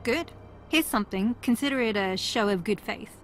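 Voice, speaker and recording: An actress voicing a wry, sarcastic female reality-TV contestant from New Zealand in a mystery video game, with a dry, teasing, deadpan delivery. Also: medium pitch, normal speed, soft background music.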